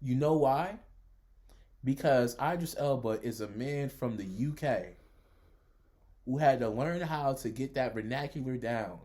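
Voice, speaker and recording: A man's voice: medium pitch, measured pace, dark tone. A man co-hosting a podcast, playfully arguing his case in casual chat. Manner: playful, argumentative, laughs while making his case. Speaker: podcast co-host.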